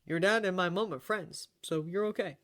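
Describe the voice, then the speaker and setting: A woman's voice: lowish voice, normal speed, natural voice. A woman voicing a young schoolboy wizard who talks plainly and a little awkwardly, close to her own voice.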